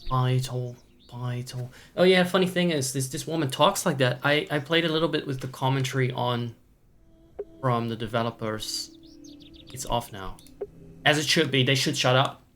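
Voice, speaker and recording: A man's voice: mid-range voice, normal speed, a bit bright, a little hiss or hum. A man streaming a puzzle adventure game, chatting casually with viewers, joking around and playing with words. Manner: playful and goofy, riffs on words and puts on silly voices. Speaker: let's play streamer. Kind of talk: casual gameplay commentary.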